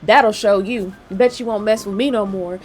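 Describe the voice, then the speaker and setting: A woman's voice: mid-range voice, fairly even intonation, normal speed, darkish tone, slight background noise, close to an everyday voice. A woman voicing a creepy, cowardly male kidnapper in a spooky story she tells. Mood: gloating. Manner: panicky, pleading.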